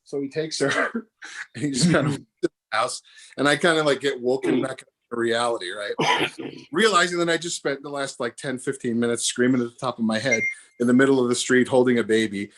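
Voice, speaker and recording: A man's voice: medium pitch, brisk, a bit bright. Older man telling a rambling comic story. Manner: rambling, self-correcting. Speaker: comedian and minister. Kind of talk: storytelling stand-up. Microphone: video call.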